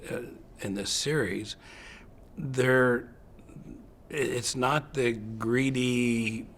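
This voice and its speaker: A man interviewing a guest, asking friendly, halting questions with restarts. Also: medium pitch, a bit bright. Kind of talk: interview conversation.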